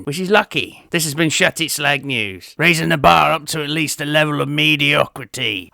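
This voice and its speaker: Gravelly, sarcastic spoof newsreader man. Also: on the high side, sharp tone, no echo, clean studio sound. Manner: sarcastic, mock-newsreader delivery with snide asides. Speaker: host of a spoof news show. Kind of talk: satirical newspaper review.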